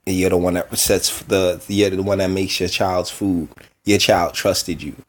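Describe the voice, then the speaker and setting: A man's voice: deep voice, flat delivery, measured pace. A man hosting his own commentary show, reacting bluntly and with feeling to news clips and reading out an article. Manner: blunt, emotional, exasperated. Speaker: commentary host.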